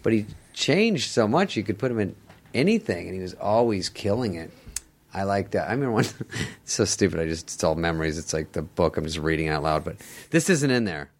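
A man telling stories in casual chat as a podcast guest, acting out other people's lines with lively changes of voice. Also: sits low, brisk. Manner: animated storyteller, acts out other people's lines. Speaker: podcast guest, former sketch comedy cast member.

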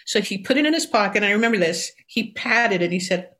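Songwriter woman, 60s, animated storyteller, mid pitch. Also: fast. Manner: animated, lively anecdotal storytelling. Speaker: songwriter guest. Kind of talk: storytelling interview answers.

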